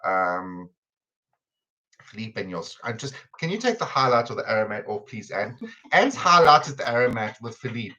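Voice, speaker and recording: A man's voice: medium pitch, very animated, moderate pace, bright, forceful tone, rough recording. A man with a South African accent hosting a live cooking stream in a chatty, teasing way, laughing often. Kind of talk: casual chat on a livestream. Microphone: computer camera on a video stream.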